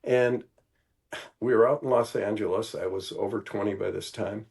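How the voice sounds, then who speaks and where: An older man from Milwaukee, telling stories as a podcast guest in an animated, casual way, peppered with "you know". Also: lowish voice, moderate pace, gravelly, breathy edge. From Milwaukee, Wisconsin. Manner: animated, acts out quoted voices, many "you know"s. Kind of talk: casual storytelling.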